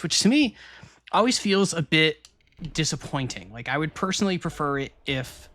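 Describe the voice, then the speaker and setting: A man's voice: mid-range voice, a bit bright. Chatty man streaming a game. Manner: chatty, musing aloud, quick laughs. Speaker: live streamer. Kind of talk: casual gameplay commentary to chat.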